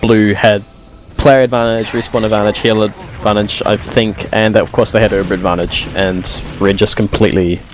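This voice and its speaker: Male co-caster, lowish voice, calm game analysis, faint battle noise behind. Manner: measured analysis with excited outbursts. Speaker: esports co-caster. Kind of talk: live game color commentary.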